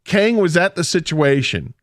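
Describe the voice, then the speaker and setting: A man's voice: on the high side, expressive, moderate pace, no room sound, clean studio sound. Emphatic male radio co-host. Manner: emphatic, sums up and retells the story with quoted asides. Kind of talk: casual sports radio chat. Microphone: studio microphone.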